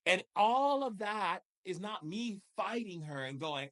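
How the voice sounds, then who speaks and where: A man's voice: fairly high pitch, moderate pace, few pauses. Emphatic man giving spiritual guidance. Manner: emphatic, repetitive rhetorical questions, lively swings in delivery. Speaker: shamanic spiritual teacher. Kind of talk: live spiritual coaching session.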